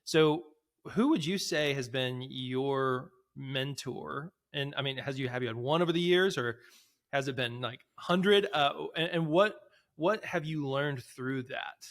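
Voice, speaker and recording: A man's voice: medium pitch, measured pace, a bit bright. A man hosting a podcast, asking reflective questions in a casual, encouraging way. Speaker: podcast host. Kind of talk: casual interview chat.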